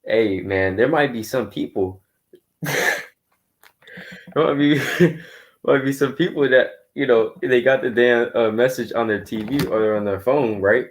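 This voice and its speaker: A man preaching casually in a Bible study, telling stories of his street outreach in quick bursts. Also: mid-range voice. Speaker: Bible teacher.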